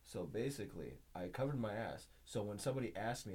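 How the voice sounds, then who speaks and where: A man's voice: on the low side, fairly quick, breathy edge. A man on a podcast, telling stories in casual chat, laughing and swearing as he goes. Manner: laughing, animated storytelling with swearing. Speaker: podcast guest.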